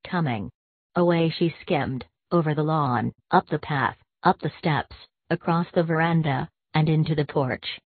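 A woman giving a measured, expressive audiobook reading of a classic short story. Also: low-pitched, husky, no room sound. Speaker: audiobook narrator. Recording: tinny, dry, phone-like sound.

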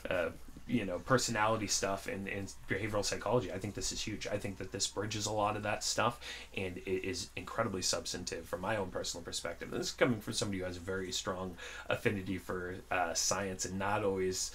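A man hosting a casual interview, speaking haltingly with many pauses and restarts as he searches for words. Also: low voice, steady tone, fairly bright tone. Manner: halting, full of ums and restarts. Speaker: podcast host. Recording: faint background noise.

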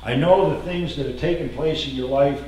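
A man preaching a sermon, swinging from loud, raised passages to quiet, intimate ones. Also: fairly high pitch, normal speed, slight background noise. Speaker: pastor. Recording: echoey room from far off.

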